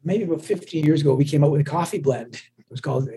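A man with a mellow, slightly husky voice chats as an interview guest. He talks in a friendly, rambling way, restarting his sentences as he goes, and his voice comes over a phone call. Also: a little high, fast talker. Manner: chatty, friendly, with many restarts. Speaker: musician guest. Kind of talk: casual phone interview chat.

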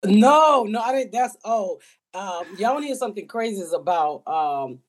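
A woman's voice: medium pitch, normal speed. Blunt, profane woman comedian. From Atlanta. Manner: blunt, profane, animated storytelling. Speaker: guest comedian. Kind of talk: casual interview chat.

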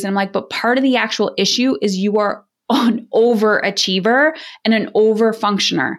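A middle-aged woman speaking as a parenting coach in a podcast interview. She talks in a direct, energetic way and often acts out what other people say. Her voice sits at an ordinary middle pitch. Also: moderate pace. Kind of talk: candid podcast interview talk.

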